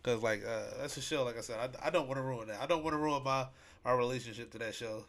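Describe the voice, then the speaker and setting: Speaking at a quick pace in a mid-range, fairly bright voice, a man hosts a solo podcast, chatting casually and repetitively as he rambles through plenty of slang and fillers.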